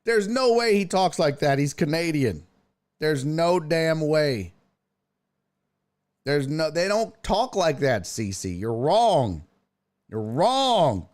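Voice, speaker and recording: Lively, profane man hosting sports talk. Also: on the high side, slow pace. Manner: animated, profane, reads chat aloud and jokes. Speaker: sports talk show host. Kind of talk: casual live-stream sports talk.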